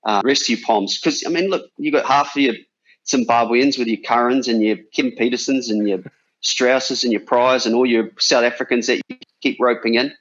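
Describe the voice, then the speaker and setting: A man's voice: medium pitch, fairly even intonation, normal speed, fairly bright tone. A man in his forties from New Zealand, a former cricketer chatting casually as a podcast guest with lots of restarts. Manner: chatty, bantering, many restarts. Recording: dull lo-fi sound.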